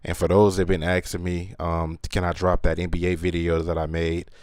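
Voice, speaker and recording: A man's voice: low voice, flat delivery, brisk, a little mellow, no room sound, studio quality. A man hosting his channel in a casual, earnest monologue, talking slangy with many fillers. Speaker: channel host.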